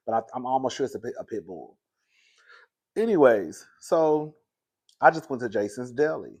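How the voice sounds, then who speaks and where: A man telling a casual story to the camera in a chatty gossip style, often calling the listener "girl" and laughing through it. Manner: animated, high-pitched and loud when laughing through the story. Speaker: vlogger.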